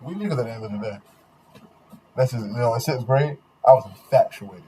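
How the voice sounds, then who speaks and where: A man's voice: medium pitch, fairly quick, warm tone, slight background noise, low-quality recording. A young man hosting a podcast, telling loose, profane stories in casual chat. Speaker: podcast host.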